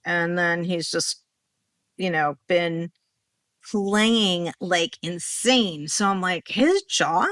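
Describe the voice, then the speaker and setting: A woman telling a rambling story in a casual podcast conversation, acting out what people said with lively swings in her voice. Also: on the low side, extremely slow, no echo. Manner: animated, rambling, acts out quoted dialogue.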